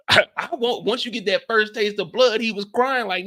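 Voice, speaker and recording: A man with a high voice and a normal speaking speed hosts a live reaction stream in a casual, chatty way. He's animated, often repeating lines and acting out what's quoted.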